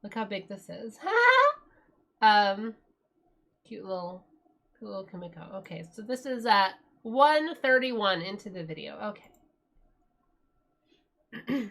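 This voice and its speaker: A woman's voice: medium pitch, unhurried, gravelly, pauses often, a bit bright. A woman from Britain chatting casually on a live music stream, giggly and full of fillers.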